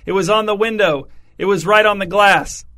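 In this storybook scene, a middle-aged neighbor woman, as a male narrator puts her on, swings between shrill shrieks and flat, cutting remarks. Her tone is bright and forceful. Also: fairly quick. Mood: shrieking alarm. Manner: shrill sudden outbursts, then flat curt remarks.

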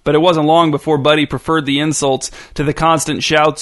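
A man's voice: a little high, little pitch movement, fairly quick, few pauses, fairly bright tone. A man reading a story aloud as narrator in a dry, wry manner.

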